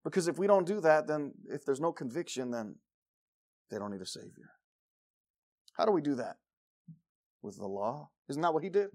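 A man preaching a sermon, jumping from loud exclamations to quiet low asides and acting out shouting crowds. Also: sing-song, moderate pace, long pauses. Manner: acts out the crowd in short shouted bursts.

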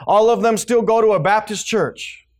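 A man preaching a fiery sermon to a congregation, swinging between loud emphasis and hushed, low-pitched lines. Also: steady tone, normal speed. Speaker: pastor.

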